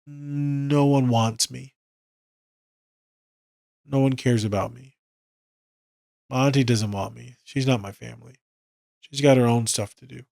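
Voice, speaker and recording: A man's voice: mid-range voice, a little mellow, no room sound. Tired male therapist-host, loose profane chat, dry recording. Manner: casual, profane, conversational. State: tired, yawning. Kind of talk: casual solo podcast talk.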